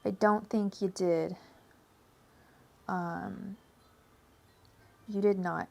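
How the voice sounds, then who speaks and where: A woman's voice: medium pitch, drawn-out words, vocal fry, long pauses. Chatty woman doing live tarot readings. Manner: chatty, laughs often, repeats invocations in a steady chant. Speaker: tarot reader.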